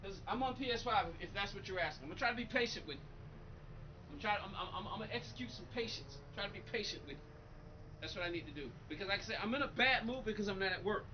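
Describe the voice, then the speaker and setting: A man's voice: sits high, lively intonation, fast talker, lo-fi sound, background noise. Exasperated man streamer talking back to chat. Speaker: racing game streamer. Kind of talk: live-stream chat with viewers.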